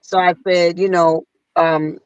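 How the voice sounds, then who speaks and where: A woman singer telling a story in casual conversation, acting out other people's lines in a higher voice. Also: takes it slowly, clear, resonant tone, no room sound, lo-fi sound. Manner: animated, acts out quotes in a higher voice. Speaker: guest singer.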